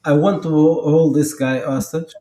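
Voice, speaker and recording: A man joining a tabletop game session over a remote call, speaking in hesitant, halting phrases. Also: fairly high pitch, fairly even intonation, mellow, roomy sound. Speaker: player. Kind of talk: casual game chat.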